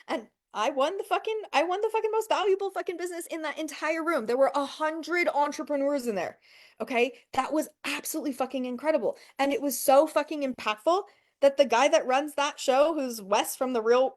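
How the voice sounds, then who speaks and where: A punchy woman business coach swears her way through a motivational talk, aimed straight at her viewers. Her voice sits a touch high, and she keeps the energy up with rhetorical questions and quick "okay"s and "right"s. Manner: profane, emphatic, talks straight to the viewer.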